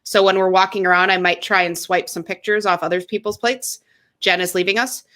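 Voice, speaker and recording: A woman co-hosting a casual podcast chat, talking in quick, chatty asides. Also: medium pitch, fairly even intonation, sharp tone. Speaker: podcast co-host.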